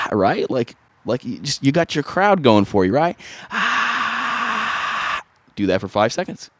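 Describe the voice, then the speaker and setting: A man's voice: medium pitch, sing-song, moderate pace, few pauses, heavy background noise. A man giving a casual, easygoing singing tutorial as a vocal coach.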